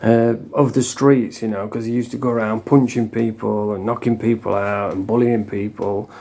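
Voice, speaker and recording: A man's voice: fairly low pitch, flat delivery, normal speed, creaky, mellow. A middle-aged man ranting casually to camera as the host of a commentary channel, blunt and scornful, swearing freely and restarting his sentences.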